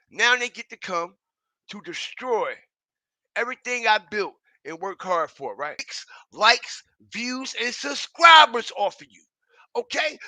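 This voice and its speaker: This man's pitch is extremely high and his tone sharp, recorded with no room sound. His online commentary is a rant: emphatic, repetitive, profane and mocking, with frequent check-ins with the people listening.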